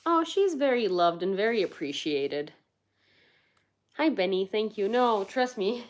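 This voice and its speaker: A woman's voice: medium pitch, sing-song, measured pace. A young woman, chatting casually on a livestream and cooing to her dog. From Ukraine. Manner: chatty, coos and baby-talks to her dog. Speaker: livestream host.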